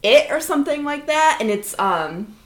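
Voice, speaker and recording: Animated young woman telling a story. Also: high-pitched, moderate pace. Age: 20s. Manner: animated storyteller, acts out voices in her stories. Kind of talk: casual chat. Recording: roomy echo.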